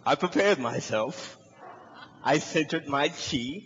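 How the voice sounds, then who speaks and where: A man's voice: takes it slowly, in a large hall, highs cut off, a little hiss or hum. A young man performing stand-up, telling a story and acting out the voices of the people in it. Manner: animated, acts out voices in high shouts. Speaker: comedian. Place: large hall with live audience.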